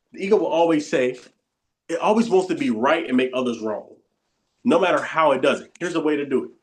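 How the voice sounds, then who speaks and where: A man teaching a spoken lesson in an informal, conversational way, often repeating phrases and acting out inner voices under his breath. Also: fairly high pitch. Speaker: coach teaching a bootcamp session.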